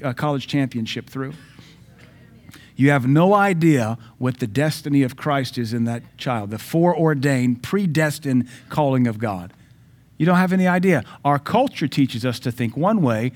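A pastor preaches from the pulpit in a mid-pitched, animated voice, pressing each point hard. His emphatic delivery swings suddenly between loud, insistent declarations and softer, drawn-out asides, in plain, forceful, direct church preaching.

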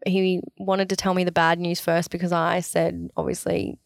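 A young Australian woman, an athlete, telling her story in a chatty, animated way, full of "like" and quoted dialogue. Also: on the low side, moderate pace, vocal fry, dry recording, studio quality. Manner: chatty, animated, quoting herself with "like". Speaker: athlete interviewee. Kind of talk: casual storytelling interview.

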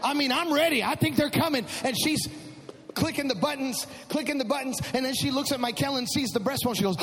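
A man with a strikingly high voice delivers an impassioned sermon testimony. He drops to hushed prayer, then rises to loud shouting. The sound carries the long reverb of a church hall over faint background noise. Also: fairly quick. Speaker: preacher.

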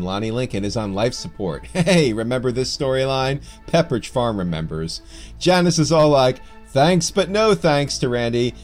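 A man co-hosting a fan podcast who recaps the story with wry, sarcastic asides and speaks with a slight lisp. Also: medium pitch. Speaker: podcast co-host. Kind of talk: casual podcast chat and plot recap.

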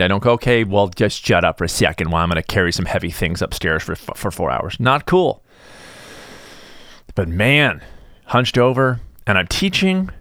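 A middle-aged man talks through a casual solo podcast in a low voice, rambling and self-deprecating, with animated little tangents. The sound is dry and close, with no room around him. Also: no room sound. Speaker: podcast host.

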